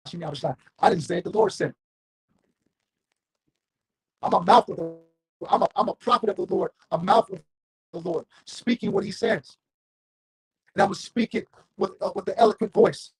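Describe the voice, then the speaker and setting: A street preacher delivers a fiery, confrontational sermon, reading scripture aloud and calling on listeners. His voice is high-pitched and gravelly with a breathy edge, recorded with no echo.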